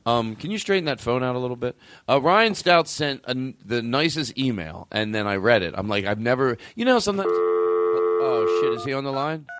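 A man hosting a comedy podcast, talking in an animated, exasperated way and often cutting in over his co-hosts. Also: mid-range voice, normal speed, slight background noise. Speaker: podcast host. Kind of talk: casual comedy podcast banter.

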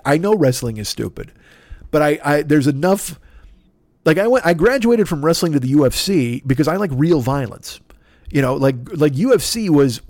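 A man on a podcast, venting in an exasperated, emphatic way and swearing freely. His voice sits at an ordinary middle pitch, and the recording is close and dry with no room sound. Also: darkish tone, no room sound. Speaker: podcast host. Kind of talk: casual comedic rant.

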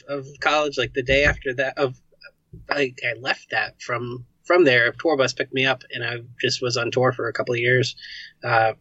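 Laid-back man, bright voice, dry lo-fi. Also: mid-range voice, no echo. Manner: laid-back, chatty, lots of "like" and "you know". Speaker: guest, game developer and musician. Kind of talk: casual interview chat.

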